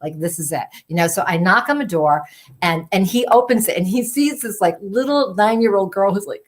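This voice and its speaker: A middle-aged woman telling a personal story in an animated way, full of "like" and "you know" fillers. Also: mid-range voice, a little fast. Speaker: storytelling show host.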